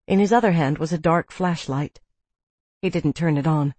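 An audiobook narrator reading a first-person novel in a measured, even storytelling manner on a close studio mic. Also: medium pitch, slightly rough, no room sound.

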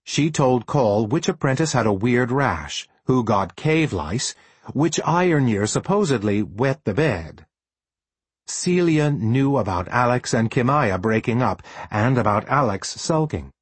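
A man reading a storybook aloud as an audiobook narrator with expressive storytelling. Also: medium pitch, unhurried, breathy edge, dry recording. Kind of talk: scripted narration.

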